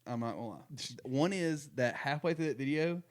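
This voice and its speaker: A man's voice: fairly high pitch, a little fast. A young man hosting a casual podcast chat, rambling with many fillers and restarts. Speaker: podcast host.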